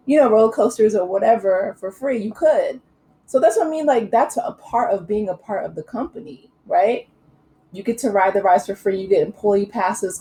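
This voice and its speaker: A woman's voice: mid-range voice, mellow, poor audio. A woman hosting a casual commentary vlog, chatty and opinionated, with lots of fillers and asides. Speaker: channel host.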